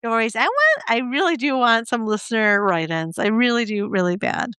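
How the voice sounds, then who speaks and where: A woman's voice: fairly high pitch, big pitch swings, normal speed, pushed and bright, clear, resonant tone, no room sound. A middle-aged woman co-hosting a podcast, chatting with enthusiasm and laughing often. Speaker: podcast co-host. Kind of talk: casual chat.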